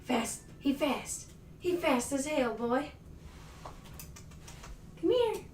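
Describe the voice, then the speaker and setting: A woman's voice: high-pitched, takes it slowly, a little hiss or hum. A woman hosting a home livestream, talking playfully to her cats and greeting viewers. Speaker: livestream host. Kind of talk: casual chat playing with her cats. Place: indoor room at home. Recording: echoey room, mic far off.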